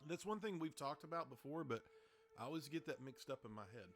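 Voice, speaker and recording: A man's voice: on the high side, expressive, quick pace, soft background music. A man narrating as game master of a tabletop game, rambling and correcting himself.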